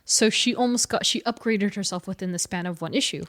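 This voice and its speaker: A woman co-host with an average-pitched voice who tells a comic story casually. She laughs often and fills her sentences with likes and ums. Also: brisk. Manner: animated storytelling, laughing often, many fillers. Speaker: podcast co-host. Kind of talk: casual comics recap chat.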